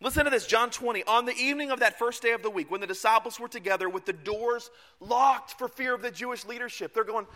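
A male pastor delivers a sermon with a high, bright, cutting voice. He tells the story in an animated way and bursts into shouts at the big moments. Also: quick pace, few pauses.

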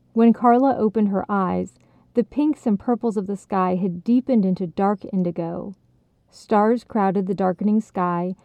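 A woman in calm storybook narration, soft and unhurried, over a dry, tinny phone-like sound. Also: medium pitch, gravelly, no echo.

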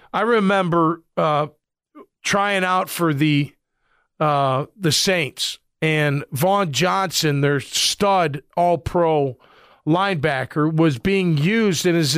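A man's voice: a little high, a bit bright, smooth, no room sound, clean studio sound. A middle-aged man, a former football player, giving casual sports commentary in a blunt, rambling way with lots of fillers.

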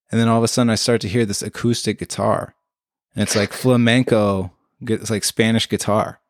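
A man's voice: fairly low pitch, brisk, no echo, clean studio sound. A man telling a story in casual chat, swearing freely and acting out what people said. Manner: animated, swears freely, acts out quotes.

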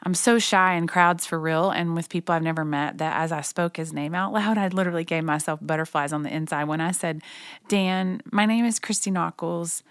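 A woman narrating a personal story in a quiet, gentle, reflective way. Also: sits low, steady tone, a little fast, few pauses, clean tone, dry recording, clean studio sound. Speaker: narrator reading her own memoir.

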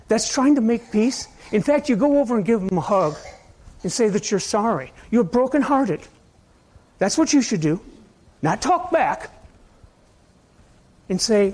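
A man preaching a sermon in a conversational, rambling way, asking his listeners question after question and swinging between loud and soft. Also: sits high. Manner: conversational, asks the audience many questions. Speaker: pastor.

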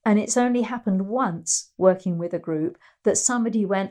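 A woman's voice: on the high side, moderate pace, hardly any pauses, a little mellow. A middle-aged woman and riding teacher giving an instructional talk, explaining ideas through anecdotes. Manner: explanatory, storytelling, acts out quoted voices.

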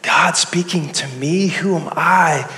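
A man's voice: a little high, takes it slowly, sharp tone, pitched above the performer's own voice. A man voicing a humble shepherd who doubts himself, hesitant and pleading, raised above his usual tone. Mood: anxious. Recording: echoey hall with long reverb.

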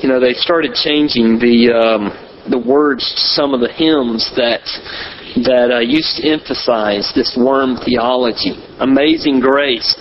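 A man preaching a sermon as pastor, in a measured style with emphatic pauses. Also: medium pitch, fairly even intonation, muffled recording, noisy background.

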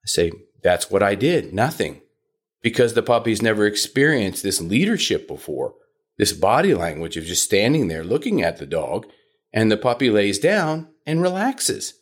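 Lively low-voiced male podcast host. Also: normal speed. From South Florida. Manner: instructive, mimics high-pitched owners. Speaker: puppy trainer and podcast host. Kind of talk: podcast monologue.

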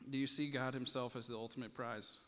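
A pastor in a church, telling a story with drama and then preaching earnestly. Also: male voice, medium pitch, steady tone, brisk, pushed and bright. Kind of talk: sermon. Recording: long hall reverb.

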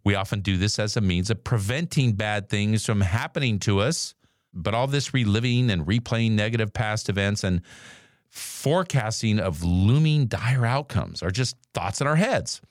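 A male podcast host with a low voice that swings widely in pitch as he talks. He delivers a morning motivational talk in a conversational way, reading quotes aloud and breaking in with casual asides. The sound is dry and close. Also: animated, moderate pace, no echo.

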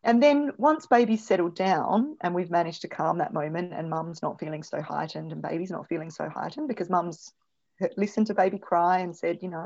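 A woman's voice: lowish voice, normal speed, a little mellow. A woman speaking as a parenting specialist guest in a podcast interview, thoughtful and full of restarts. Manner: thoughtful, many restarts and fillers. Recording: dull lo-fi recording.

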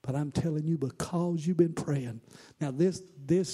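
A man preaching a sermon, moving from quiet, conversational asides to shouted, sing-song exhortation. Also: fairly high pitch, unhurried. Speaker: pastor.

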